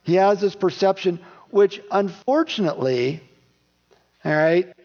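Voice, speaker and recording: A man's voice: sits high, expressive, a little slow, a little mellow, in a large hall. A man preaching a sermon as pastor, talking in a conversational way and asking his listeners questions. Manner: conversational, asks the congregation questions. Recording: dull lo-fi recording.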